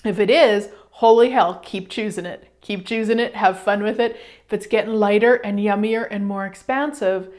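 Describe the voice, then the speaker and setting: A woman hosting a self-help radio show, talking in an animated, casual way and acting out the voices she quotes, with some swearing. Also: mid-range voice, moderate pace, few pauses. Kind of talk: motivational self-help talk.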